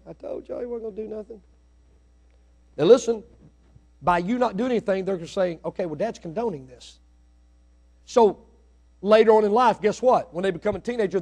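A middle-aged man preaching a sermon in church, swinging from hushed asides to loud, rising exhortation. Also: sits high, a little fast. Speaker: pastor. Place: church sanctuary.

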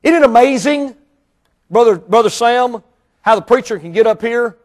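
A man, a Baptist pastor preaching a sermon in a church auditorium, emphatic and swinging between hushed asides and loud outbursts. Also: extremely high pitch, lively intonation, normal speed.

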